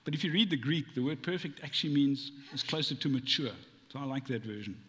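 A man's voice: medium pitch, animated, fast, a bit bright, husky. A man preaching a conversational sermon, full of rhetorical questions and playful asides. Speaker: pastor. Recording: long hall reverb.

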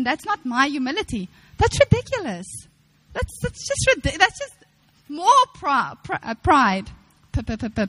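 A woman's voice: high-pitched, fairly bright tone, low-quality recording. A young woman preaching a sermon to women, earnest, repeating phrases and acting out quotes.

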